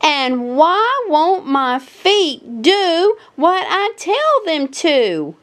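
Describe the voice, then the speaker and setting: A woman voicing a clumsy, eager little girl rabbit in a storybook read-aloud, with excited childlike squeals. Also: extremely high pitch, drawn-out words, pitched above the performer's own voice, exaggerated voice. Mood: frustrated.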